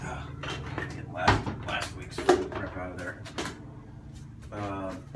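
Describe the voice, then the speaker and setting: Low-voiced and level in tone, a male doctor talks slowly through a casual cooking vlog in his home kitchen about meal prep. His manner is upbeat and self-deprecating. Heavy background noise mixes with the sizzle of the stove.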